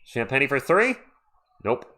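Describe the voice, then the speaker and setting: A man hosting a casual livestream from home and calling a basketball game play by play. He chats excitably, breaking off to read out messages from chat, with his voice close on a desktop microphone. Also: medium pitch, a little slow. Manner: chatty, excitable, reads chat aloud. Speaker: livestream host. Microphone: USB desktop microphone.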